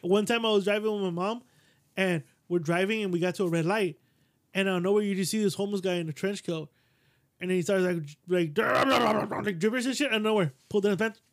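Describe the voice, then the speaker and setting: A man's voice: quick pace, vocal fry. A man hosting a podcast, rambling through crude stories in casual chat and acting out quoted lines. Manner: rambling storyteller, acts out quotes in a higher voice. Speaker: podcast host.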